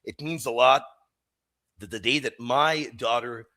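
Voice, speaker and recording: A middle-aged man hosting a live religious Q&A stream, emphatic and animated, jumping from loud exclamations to quiet asides. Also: medium pitch, unhurried. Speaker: host of a live Catholic apologetics stream. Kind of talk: livestream chat and Q&A.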